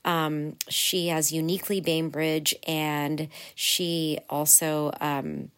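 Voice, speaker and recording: A woman's voice: sits low, little pitch movement, slow pace, a bit bright, clear, resonant tone. A woman hosting her own podcast, talking casually and earnestly with many fillers and small laughs. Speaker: podcast host. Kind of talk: casual solo podcast talk.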